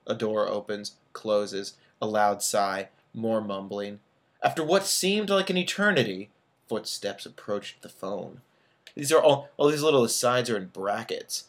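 A man's voice: lowish voice, expressive, unhurried, a bit bright. A man in his thirties, an author reading his own fiction aloud and breaking off for casual asides with fillers. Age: 30s.

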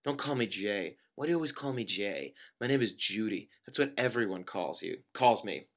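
A man voicing an irritated young woman, a sharp-tongued girlfriend speaking in curt, clipped lines. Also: on the low side, expressive, moderate pace. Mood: annoyed.

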